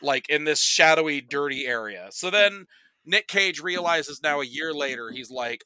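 A man's voice: fairly high pitch, normal speed, pushed and bright, no room sound. A man on a casual podcast, recapping movies in a rambling, profane way, full of "like" and acted-out quotes. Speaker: podcast guest reviewing movies.

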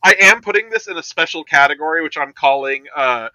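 A man talking as a podcast guest in casual chat, animated and swearing freely as he tells a story. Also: fairly high pitch, brisk, dry recording, rough recording.

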